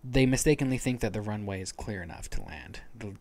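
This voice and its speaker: A man with a fairly low voice talks through a book's story in a relaxed podcast chat. He explains events step by step, often restarting his sentences and padding them with fillers. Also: fairly quick. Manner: retells plot at length with frequent restarts and fillers. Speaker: podcast co-host. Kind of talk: casual book discussion.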